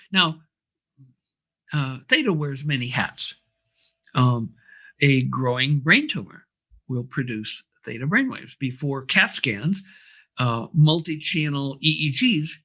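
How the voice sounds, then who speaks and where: A man recounting an anecdote in a relaxed interview, with a slightly raised pitch and frequent fillers. The audio is muffled and lo-fi. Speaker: brainwave training instructor. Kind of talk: storytelling interview answer.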